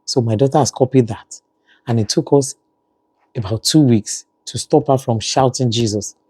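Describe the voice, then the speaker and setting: A man's voice: mid-range voice, normal speed, a little mellow, breathy edge, no echo. A man with a Nigerian accent, talking casually in a family vlog and often saying "you know". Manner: conversational, frequent "you know" fillers. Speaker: family vlogger.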